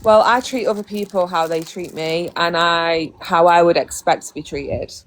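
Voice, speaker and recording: Woman, livestream host, blunt, swears a lot, low pitched. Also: fairly even intonation, moderate pace. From England. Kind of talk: heated livestream chat.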